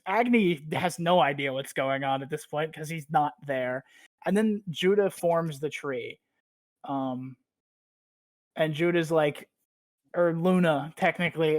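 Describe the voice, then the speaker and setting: A man with a somewhat high voice hosts a podcast and recaps a story in loose, rambling chat. He swears freely and fills his talk with "like". The sound is dry and close, with no room around it. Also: no echo. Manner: rambling, profane, heavy use of "like". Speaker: podcast host.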